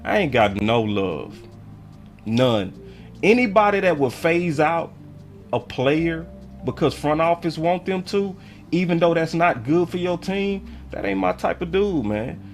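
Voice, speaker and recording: A man's voice: a little high, animated, unhurried. Male stream host, ranting sports take, faint music underneath. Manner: heated, ranting, slangy; reads articles aloud on stream. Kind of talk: live stream commentary.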